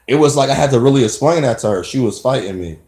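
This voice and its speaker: A man's voice: mid-range voice, lively intonation, fast talker, warm tone. Man rambling in an echoey room. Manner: emphatic, rambling, frequent restarts. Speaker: vlogger. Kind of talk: personal monologue.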